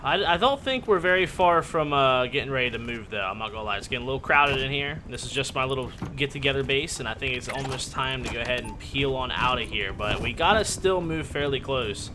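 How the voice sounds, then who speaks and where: A man's voice: medium pitch, expressive, fairly quick, few pauses, noisy background. A man giving casual, joking gaming commentary, rambling and yelping when startled. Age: adult. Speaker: gaming YouTuber.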